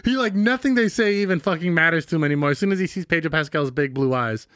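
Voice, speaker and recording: A man's voice: fairly high pitch, quick pace, fairly bright tone, no room sound, clean studio sound. Joking man retelling movie scenes. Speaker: podcast co-host. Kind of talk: casual movie discussion.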